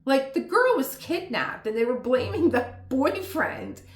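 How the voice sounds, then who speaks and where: A woman's voice: high-pitched, wildly swooping pitch, measured pace, roomy sound. A middle-aged woman vlogger talking casually at home, rambling into tangents and laughing often. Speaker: lifestyle vlogger. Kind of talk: casual chat.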